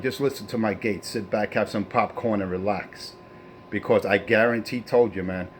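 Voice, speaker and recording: A man's voice: fairly low pitch, slight background noise. A man on CB radio, bantering with other operators in a boastful, folksy way and signing off with his handle. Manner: boastful, folksy, trash-talking. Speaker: CB radio operator and channel host.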